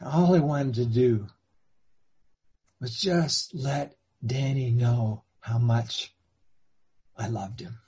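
A man preaching in first-person storytelling, swinging between hushed and fervent delivery. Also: mid-range voice, slow pace, long pauses, breathy edge, highs cut off.

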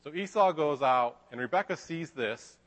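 A man's voice: on the high side, animated, normal speed, a bit bright. A man preaching a sermon, retelling a story in a casual, chatty way with frequent asides. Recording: reverberant hall.

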